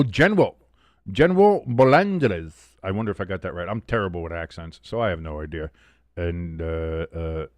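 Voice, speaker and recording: A man's voice: sits low, no room sound. A man hosting a live football watch-along. He calls plays, reads chat and drops exasperated, swearing asides in casual commentary. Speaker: host of a live sports watch-along stream.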